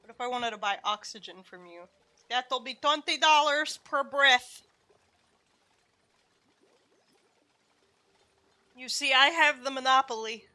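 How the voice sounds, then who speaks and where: Greedy air monopolist, played by a woman streamer, mock-haughty, put-on accent, bright tone. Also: medium pitch, close to an everyday voice.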